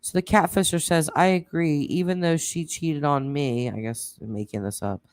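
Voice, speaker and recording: A woman hosting a true crime channel, reading text messages aloud in a plain way, with pauses and casual asides. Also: sits low, a little mellow.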